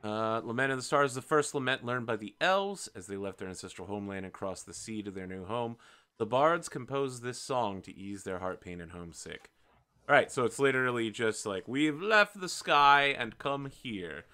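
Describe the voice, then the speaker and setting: A man's voice: fairly low pitch, animated, brisk, sharp tone, clean tone. A man hosting and narrating a tabletop role-playing game as game master, in a chatty, self-deprecating way.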